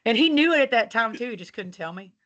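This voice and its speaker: A woman's voice: a little high, lively intonation, brisk, fairly bright tone. Chatty laughing woman on a muffled call. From Texas. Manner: chatty, laughing, swears, acts out dialogue. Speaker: country singer, guest. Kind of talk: casual interview storytelling. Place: at home, walking around the house. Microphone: video call from a laptop.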